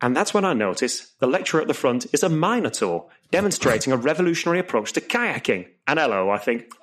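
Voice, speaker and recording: A man performs a stand-up comedy routine as compere. His voice moves up and down a great deal as he builds long, rambling jokes. He sits at a middle pitch and delivers everything as a story. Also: quick pace. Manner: lively storytelling with put-on voices for characters.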